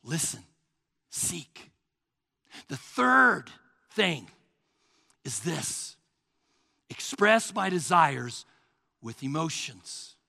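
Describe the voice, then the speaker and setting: A man in his sixties preaching a sermon as pastor, swinging from hushed murmurs to shouts. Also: fairly high pitch, sing-song, drawn-out words, gravelly, long pauses. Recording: long hall reverb.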